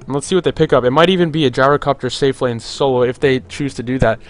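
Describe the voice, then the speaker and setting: A young man casting a video game match on his own, chatty and jokey, with many filler words and quick asides. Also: medium pitch. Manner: rambling, jokey, lots of "like" fillers. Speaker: esports caster. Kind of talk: solo play-by-play commentary.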